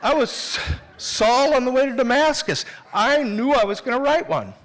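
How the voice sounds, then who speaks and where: High-voiced man telling a story on stage. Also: animated, moderate pace, fairly bright tone. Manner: candid, self-mocking, conversational with restarts. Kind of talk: personal story told live on stage. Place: theater stage before a live audience.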